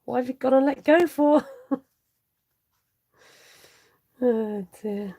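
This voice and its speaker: A woman chatting her way through a live card-making tutorial, unhurried and relaxed. Her voice has a soft husky edge, and she giggles often as she reads out viewers' comments. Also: sits high. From United Kingdom. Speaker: crafting channel host. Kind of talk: live-stream craft tutorial chat.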